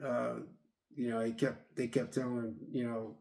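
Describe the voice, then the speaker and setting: A man's voice: medium pitch, little pitch movement, normal speed, creaky, a little mellow. A man giving a casual, rambling movie review, retelling scenes with lots of repeats and fillers.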